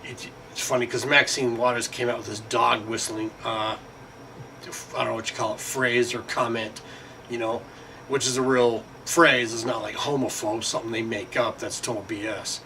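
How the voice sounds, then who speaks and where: A man's voice: medium pitch, flat delivery, moderate pace, pushed and bright. A man delivering a rambling, profane monologue full of fillers. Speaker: vlogger. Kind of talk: casual monologue. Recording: distant mic with faint background noise.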